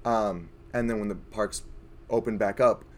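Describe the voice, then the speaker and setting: A hoarse young man telling an earnest, rambling personal story to a group. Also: lowish voice, fairly even intonation, a little slow. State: hoarse, voice worn from screaming. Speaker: audience member sharing a story.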